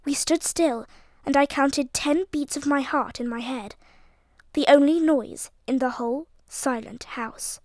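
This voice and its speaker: A woman with a fairly high voice reads a story aloud with expressive, lively delivery. The sound is close and dry, with no room around it. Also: a little slow, dry recording. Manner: expressive, voices each character. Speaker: audiobook narrator. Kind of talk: storytelling narration.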